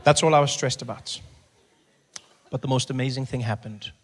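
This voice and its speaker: A man telling a stand-up story, animated and acting out scenes. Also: medium pitch, a faint crowd, slight background noise. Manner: animated, fast, acts out scenes. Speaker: stand-up comedian.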